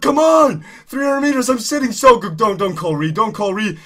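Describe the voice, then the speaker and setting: A man giving excited live commentary while playing a cycling race game, urging himself on, repeating phrases and shouting. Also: high voice, fast talker. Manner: urgent, repetitive, shouting in excitement. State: out of breath. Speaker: gaming YouTuber.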